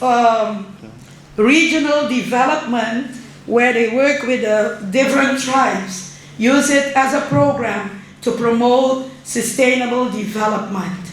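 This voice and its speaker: Lady ambassador lecturing, slow chatty pace, super echoey hall, faint room hum behind. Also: on the high side. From Suriname. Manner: unhurried, conversational, explains objects and checks in with the audience. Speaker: ambassador giving a guest lecture. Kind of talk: public lecture. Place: large university lecture hall.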